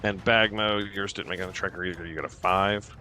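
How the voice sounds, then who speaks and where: A man running a tabletop game as dungeon master, describing scenes slowly with many pauses. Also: low-pitched, steady tone, pushed and bright, soft background music.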